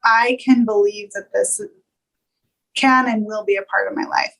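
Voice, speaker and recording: A woman's voice: mid-range voice, fairly even intonation, moderate pace, creaky, rough recording. A woman hosting a wellness podcast, affirming her guest and summing up ideas in casual talk. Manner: warm affirming interviewer. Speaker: podcast host. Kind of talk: casual interview, then scripted outro.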